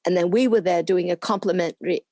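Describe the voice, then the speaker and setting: An older woman, a former camera assistant, chatting as an interview guest and telling lively stories with frequent laughs. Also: lowish voice, fast talker, no room sound, studio quality. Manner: lively anecdotal storytelling with laughs; acts out quoted people in put-on voices. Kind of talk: casual interview reminiscing.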